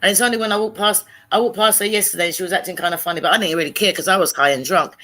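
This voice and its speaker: With a crowd audible in the background, a woman spins an animated story during a casual live stream chat, performing the voices of those she quotes. She speaks rapid-fire in a lowish voice.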